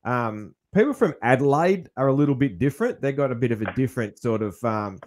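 A man's voice: medium pitch, expressive, fairly quick, darkish tone, slight background noise. Laid-back man, broad Australian accent. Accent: broad country Australian. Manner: laid-back, chuckles often. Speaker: podcast host. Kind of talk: casual interview.

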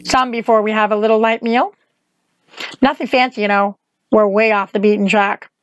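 A woman's voice: medium pitch, steady tone, moderate pace, clear, resonant tone, dry recording, close to an everyday voice. A woman voicing a fussy, fawning old nanny in an audiobook reading. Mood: fussing.

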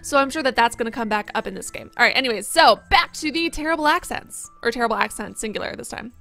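A woman's voice: a little high, expressive, creaky, sharp tone, soft background music. A woman hosting a let's play, chatting casually and playfully as she comments on the game and cracks jokes. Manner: playful, jokey, quick to exclaim.

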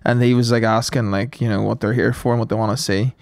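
A man's voice: mid-range voice, flat delivery, fast, gravelly. A young adult man, co-hosting a podcast and telling stories in teasing, giggly banter. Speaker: podcast co-host. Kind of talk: casual banter.

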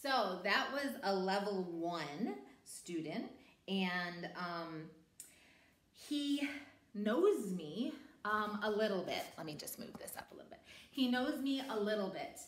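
A woman's voice: medium pitch, slow. Chatty woman vlogging in an echoey room. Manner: chatty, animated, over-enunciates with the student. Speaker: online English teacher. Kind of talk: casual teaching vlog. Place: home teaching room. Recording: roomy echo.

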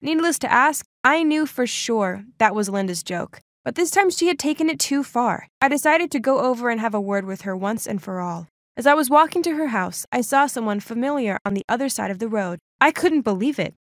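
Expressive woman telling a first-person story. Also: fairly high pitch, no room sound, studio quality. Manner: expressive, dramatic. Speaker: story narrator.

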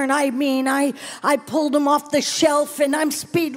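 A middle-aged woman delivers a sermon at a large live conference. Her voice sits high and she takes her time, acting out a self-mocking story with animated bursts and snatches of prayer in tongues. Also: a little slow, hardly any pauses, soft background music. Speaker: conference speaker.

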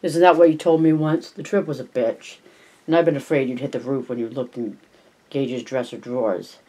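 A man's voice: mid-range voice, fairly even intonation, moderate pace, dark tone, natural voice. A man reading aloud and voicing a tired, worried young mother who pleads with her husband in a slightly raised voice. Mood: pleading.

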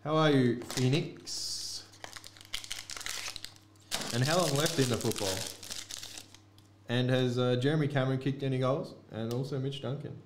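A man's voice: medium pitch, fairly even intonation, fairly quick. A man hosting a card break, chatting offhandedly to viewers as he opens packs. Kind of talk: casual card-break commentary. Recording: echoey room with faint noise.

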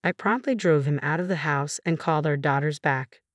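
A woman reading a first-person revenge story as scripted narration, in an even, steady way. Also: sits low, a little fast, dry recording.

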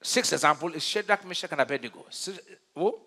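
A man's voice: on the high side, lively intonation, brisk, sharp tone, slightly rough. A man preaching a sermon as pastor, emphatic, quizzing his congregation with call-and-response questions. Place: large church hall. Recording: reverberant church hall.

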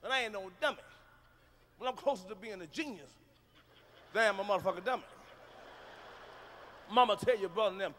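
A man doing a loud, profane, animated stand-up comedy routine on a live stage. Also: extremely high pitch, fairly quick, pauses often, slight background noise.

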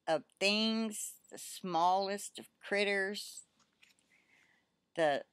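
An older woman slowly reading aloud a message she says she received in prayer, with asides between passages. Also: mid-range voice, dry recording. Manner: slow, deliberate reading with soft emphasis and asides. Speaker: Christian prophetic message reader. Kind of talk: reading a received prophecy aloud, then commenting.

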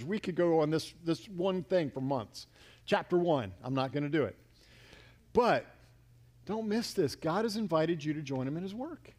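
A man pastor preaching a sermon, swinging between loud emphatic lines and hushed near-whispers as he acts out quotes. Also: a little high, animated, normal speed.

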